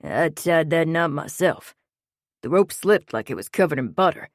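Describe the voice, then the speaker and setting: A woman voicing a gruff older workman with a heavy build. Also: sits low, lively intonation, normal speed, no room sound, clean studio sound. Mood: rattled.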